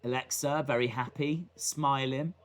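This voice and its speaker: A man's voice: medium pitch, fairly even intonation, measured pace, clear, resonant tone. A man casually reacting to wrestling live, joking, rambling and acting out silly voices.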